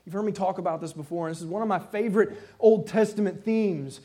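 Lively high-voiced preacher man. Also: quick pace. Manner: animated storytelling, acts out quoted voices. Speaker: pastor. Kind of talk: sermon.

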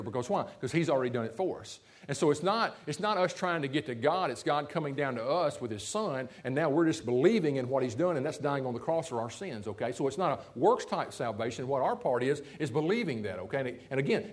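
A man preaching a sermon as a pastor, talking straight to the congregation and checking in often with "see?" and "okay?". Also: mid-range voice. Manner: lively preaching with frequent "see?" and "okay?" asides.

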